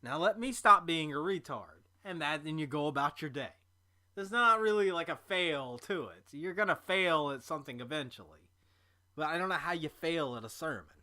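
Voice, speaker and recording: A man's voice: fairly high pitch, animated, moderate pace, pushed and bright. A man hosting a stream, reacting to a clip with profane, sarcastic commentary. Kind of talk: mocking commentary.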